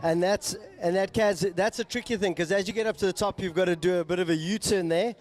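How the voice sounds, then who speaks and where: A man's voice: high voice, a little fast. A man calling a live rowing regatta, steadily naming each sculler and school as they come through. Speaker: regatta commentator. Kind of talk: live sport commentary.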